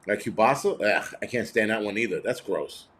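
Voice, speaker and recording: A man's voice: lowish voice, expressive, normal speed, a bit bright. A middle-aged man hosting a livestream, reading chat and ranting bluntly with heavy cursing in a cranky, rambling way.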